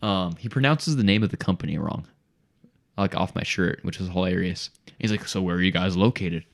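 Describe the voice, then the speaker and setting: A man's voice: sits low, brisk, gravelly. A young man casually telling a story on a podcast, acting out what people said and calling his listener "dude" and "bro". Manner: animated storyteller, acts out quotes, says "dude" and "bro" a lot. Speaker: podcast co-host.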